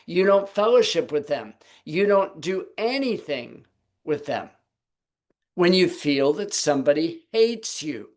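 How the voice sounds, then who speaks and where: A man's voice: fairly high pitch, very animated, a little slow. A man teaching the Bible on a Sabbath video call, posing rhetorical questions to his listeners.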